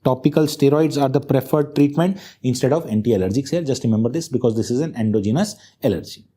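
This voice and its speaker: Speaking fast in a warm, slightly rough voice of medium pitch, a man gives an emphatic medical lecture to a class, highlighting key terms and checking in with students often.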